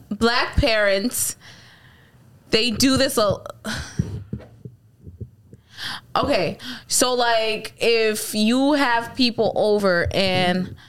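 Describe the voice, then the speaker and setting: A young woman talks slowly in a slightly raised voice, fumbling for words as she explains clues. Her speech is hesitant and full of fillers and pauses. It is a relaxed, casual conversation among friends. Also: a little high, clear, resonant tone. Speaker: game player giving hints. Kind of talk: casual chat.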